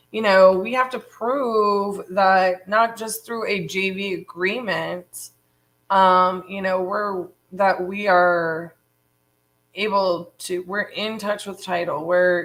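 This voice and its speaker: On a live stream, a real estate co-founder speaks frankly and chattily, peppering her talk with "um" and "you know." She has a mid-range, somewhat bright voice, though the audio quality is poor.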